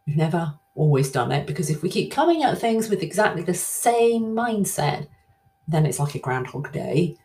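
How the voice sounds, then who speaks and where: A middle-aged woman hosting her own podcast, chatting casually and reflectively with lively swings in her voice. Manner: chatty, self-reflective, animated swings in pitch. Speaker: podcast host. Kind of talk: casual solo podcast talk.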